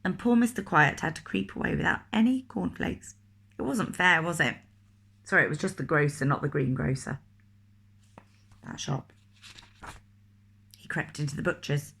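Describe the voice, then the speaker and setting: A woman reading a picture book aloud to children, expressive and asking the listener questions. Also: low voice, normal speed, vocal fry, pauses often, slightly rough. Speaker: teacher reading a story to children.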